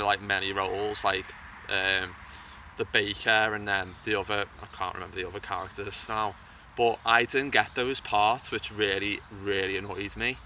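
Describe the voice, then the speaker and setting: A man's voice: lowish voice, pushed and bright, slight background noise. A young man talking casually as an interview guest, hesitant and often repeating words as he thinks, outdoors by a bridge. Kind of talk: casual chat.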